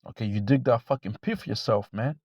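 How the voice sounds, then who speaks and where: A man preaching informally to camera, blunt and profane, repeating himself and reading scripture slowly. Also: fairly low pitch, no echo, lo-fi sound. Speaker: religious teacher.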